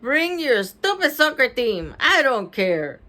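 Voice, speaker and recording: Bold young schoolgirl, bossy, defiant, lively pitch, woman voicing her. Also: slow pace, heavily acted.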